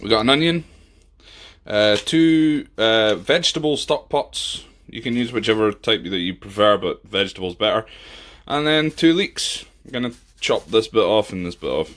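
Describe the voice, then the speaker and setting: A man's voice: lowish voice, expressive, normal speed, a bit bright. A man hosting a casual home cooking video, talking in a chatty, rambling way with many fillers, recorded on a camera in a kitchen. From Scotland. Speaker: podcast host.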